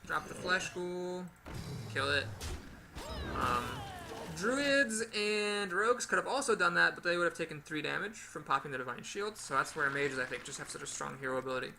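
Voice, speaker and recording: A man with a very bright, forceful voice and a high pitch talks through his card game in a chatty, playful way. His tone carries a gravelly edge. Now and then he breaks into lively exclamations. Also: normal speed, a little hiss or hum. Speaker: gaming video host. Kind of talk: casual gameplay commentary.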